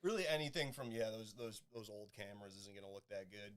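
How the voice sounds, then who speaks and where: Chill guy on a podcast, kinda low smooth voice, swears a bit. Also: fairly even intonation, fast talker, a bit bright. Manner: laid-back, chatty, swears casually. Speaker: guest co-host. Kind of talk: casual podcast chat.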